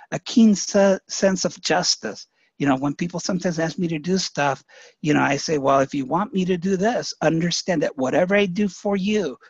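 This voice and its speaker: High-voiced gravelly man coaching a team. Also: dry recording. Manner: folksy storytelling with many "you know" fillers. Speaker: network marketing trainer. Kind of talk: motivational training talk. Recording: muffled lo-fi webinar audio.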